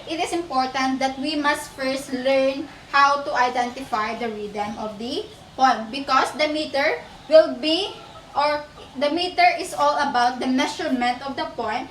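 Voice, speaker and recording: Slow, high-voiced woman teaching. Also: fairly bright tone, far from the mic. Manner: slow, step-by-step explaining, addresses class, counts aloud. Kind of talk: teaching demonstration lesson. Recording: echoey room, voice off-mic, faint noise.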